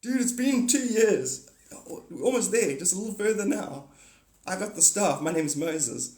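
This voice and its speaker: Moses, as a man puts him on, coaxing and high. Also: expressive, measured pace, a little mellow, reverberant. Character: weary male biblical leader leading a desert trek.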